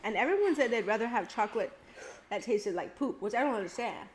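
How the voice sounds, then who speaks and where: A woman's voice: on the high side, animated, quick pace, a little hiss or hum. Young woman co-host, teary and pained. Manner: groaning, breathless complaints. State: in pain from hot chip, teary. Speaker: podcast co-host. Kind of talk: casual chat.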